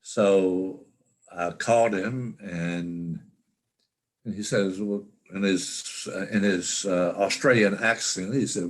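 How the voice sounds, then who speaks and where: An older man speaks low and deep, unhurried as he tells a personal story over a video call. He stops and restarts often and fills gaps with "uh" and "um". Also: fairly even intonation. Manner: halting, with frequent restarts and fillers. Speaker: interview guest.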